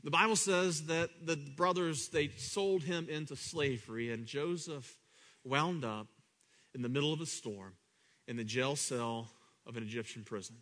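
A man preaching a sermon, swinging between loud high bursts and quiet low asides, often repeating himself and acting out the voices of people in his story. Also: moderate pace.

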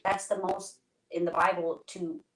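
A woman's voice: on the low side, little pitch movement, measured pace. A woman co-hosting a casual Christian podcast, chatty, enthusiastic and affirming. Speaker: podcast co-host. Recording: echoey room, voice from off mic.

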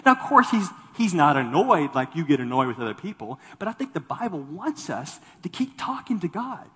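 A male pastor preaching a sermon, rising to loud bursts and dropping low, often repeating words as he starts a thought. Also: a little fast, hardly any pauses, breathy edge, big-room sound. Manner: animated preaching, voice swelling then dropping low.

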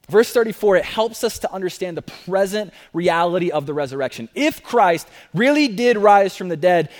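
A man preaching a sermon, repeating key phrases and moving between loud urgent declarations and quiet personal appeals. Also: high-pitched, in a large hall. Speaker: pastor.

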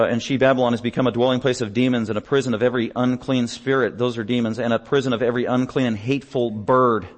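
A man preaching a sermon as pastor, emphatic, building up in pitch and volume on repeated lists.

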